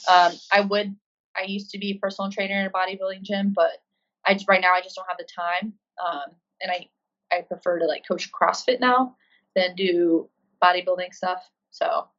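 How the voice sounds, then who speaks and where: A woman's voice: on the low side, steady tone, moderate pace, a bit bright. Chatty woman on a dull remote line. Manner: chatty, lots of ums and likes. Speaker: guest, Marine and CrossFit coach. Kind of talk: casual interview answers. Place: living in Australia.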